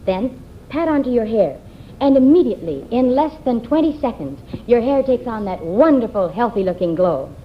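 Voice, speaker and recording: A woman's voice: animated, moderate pace, slight background noise. Persuasive woman doing a live commercial. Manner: bright, persuasive sales pitch. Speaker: commercial presenter. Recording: dull off-air TV recording.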